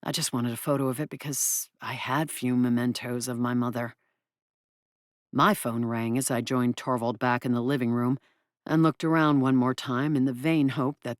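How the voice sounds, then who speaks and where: A woman narrating an audiobook in the first person, in an expressive, brisk way. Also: very deep voice, no room sound, studio quality.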